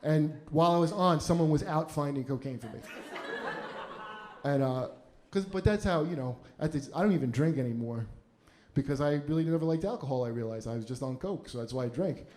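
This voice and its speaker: A man's voice: on the high side, brisk, darkish tone, a little hiss or hum. A male comedian and podcast host telling a rambling, profane personal story in casual chat, often laughing as he goes.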